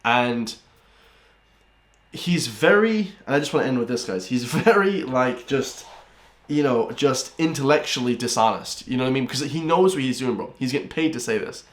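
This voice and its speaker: A man's voice: mid-range voice, expressive, normal speed. An Irish man hosting a reaction video, ranting and calling his viewers guys and bro. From Ireland. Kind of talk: reaction commentary. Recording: roomy echoey room.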